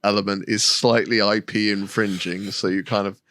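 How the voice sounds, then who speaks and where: A man's voice: fairly low pitch, flat delivery, normal speed, fairly bright tone. A man co-hosting a podcast in casual chat, given to teasing, sarcastic asides. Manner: laughs often, dry teasing asides. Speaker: podcast co-host.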